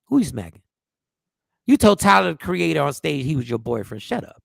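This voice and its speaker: A man co-hosting a casual chat, telling stories with animation and bursts of shouting. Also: on the high side, very animated, a little fast, vocal fry, husky, dry recording, clean studio sound. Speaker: podcast co-host.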